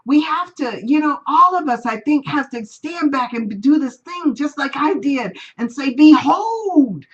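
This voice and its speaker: A woman's voice: sits high, animated, normal speed, a bit bright. Lady telling stories in a class, voice jumps all over, kinda muffled lo-fi stream. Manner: chatty storyteller, acts out quoted people. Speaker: spiritual course teacher. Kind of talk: live-streamed class talk, personal stories.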